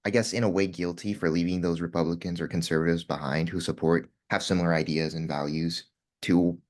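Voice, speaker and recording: A man's voice: low voice, level tone, a little fast. A man asking a debate question over a video call, hesitant, rephrasing as he goes. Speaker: audience questioner.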